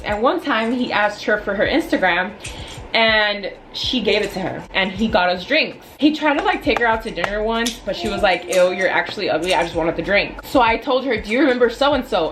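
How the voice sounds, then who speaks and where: A woman in her twenties telling a storytime vlog in a chatty, animated way, full of "like" and asides. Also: mid-range voice, rough recording. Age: 20s. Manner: animated, chatty, filler-heavy. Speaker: vlogger. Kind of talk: casual storytime.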